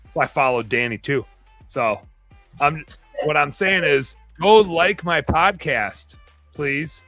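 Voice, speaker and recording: A man's voice: medium pitch, sharp tone, dry recording. A man in his thirties hosting a podcast, rambling and self-mocking in casual banter. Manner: rambling, self-mocking, reads aloud in a jokey tone. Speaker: podcast host.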